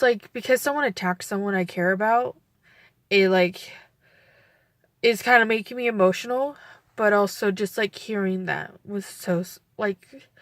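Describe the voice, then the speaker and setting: A woman's voice: mid-range voice, a bit bright, no room sound. A young woman talking in a personal vlog, rambling with many fillers and close to tears. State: teary, near crying. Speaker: vlogger.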